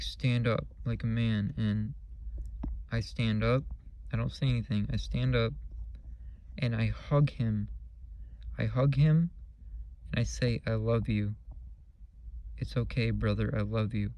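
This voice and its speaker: Brief male vlogger, mellow low-lit tone, monotone delivery, rambling and profane, faint hiss behind. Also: poor audio. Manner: rambling, repetitive, profane, earnest. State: low on energy. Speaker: channel host. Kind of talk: casual spiritual vlog monologue.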